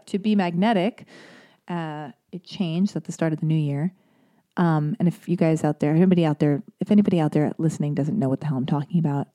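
A woman's voice: lowish voice, mellow. A woman hosting a podcast, reading listener emails and talking through them in an earnest, rambling way with many fillers. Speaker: podcast host.

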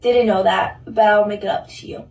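A woman's voice: mid-range voice, fairly even intonation, normal speed, vocal fry, darkish tone. A young woman telling a story in casual chat, full of "like" and acting out the lines of others. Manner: chatty, full of "like", acting out quoted speech. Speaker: storyteller in played audio. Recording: echoey, distant recorded clip.

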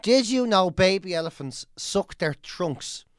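A woman's voice: fairly low pitch, lively intonation, a little slow, no room sound, clean studio sound. A woman co-hosting a podcast, swearing freely and riffing blunt comic rants in casual chat. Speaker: podcast co-host.

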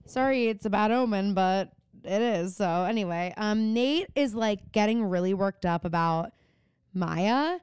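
Woman, podcast co-host, casual chat, chatty, smooth voice. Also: mid-range voice, animated, a little slow, darkish tone, dry recording, studio quality. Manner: chatty, acts out characters' lines with a laugh. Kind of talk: casual chat recapping a TV show.

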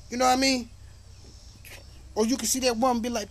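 A man's voice: extremely high pitch, steady tone, fast, a bit bright. A man hosting a podcast in a casual monologue, emphatic, profane and preachy, rambling as he goes. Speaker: podcast host.

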